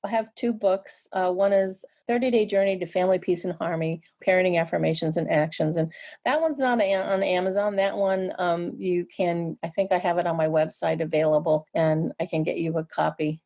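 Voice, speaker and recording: A middle-aged woman talks through her experiences as an interview guest. Her voice sits low with a dark, mellow warmth and a gravelly edge. She is reflective, often restarting a sentence and laughing softly. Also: steady tone, a little fast. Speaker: guest, energy psychology counselor. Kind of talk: casual interview storytelling.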